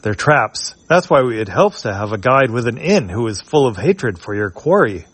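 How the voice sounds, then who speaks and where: A man's voice: medium pitch, very animated, moderate pace, fairly bright tone, slightly rough, no room sound. A man voicing a small spiteful potty robot that leads the way with eager, pushy urgency. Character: spiteful little potty robot guide, full of hatred.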